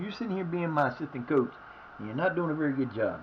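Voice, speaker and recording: A fairly high-voiced man with a drawl narrates his football management game live on stream. His pitch swings wildly as he shouts and swears at his players. A faint background hiss sits under the recording. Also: fast talker, muffled recording. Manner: animated, swears, yells at the game. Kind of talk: live gameplay commentary.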